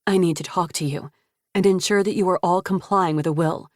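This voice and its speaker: A woman's voice: lowish voice, fairly even intonation, fairly quick, no echo, clean studio sound, lightly acted. A woman narrator voicing a cold, scornful wealthy mother in an audiobook, her lines cutting and contemptuous.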